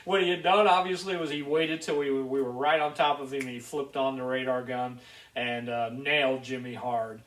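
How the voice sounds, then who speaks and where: A man's voice: mid-range voice, steady tone, moderate pace, a bit bright. A man from Ohio hosting a casual video show, telling a rambling story to viewers with plenty of fillers. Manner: chatty, rambling, with frequent fillers. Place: garage. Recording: roomy echo.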